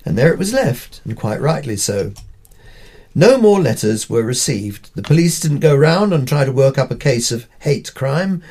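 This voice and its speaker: A man's voice: medium pitch, very animated, moderate pace, darkish tone, breathy edge. An older man from Pakistan reading his own opinion column aloud, with wry, dry humour. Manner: wry, dryly humorous storytelling.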